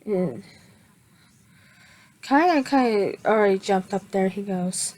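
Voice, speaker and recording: A woman telling a fan-made story in her own words, halting and restarting often with many fillers. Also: medium pitch, a little mellow, poor audio. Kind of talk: improvised fan fiction narration.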